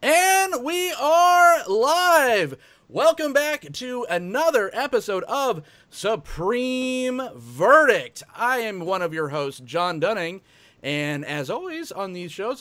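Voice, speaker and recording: A man hosting a casual card-game show, joking and halting with fillers and restarts. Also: sits high, very animated, fairly bright tone, no room sound. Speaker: podcast host.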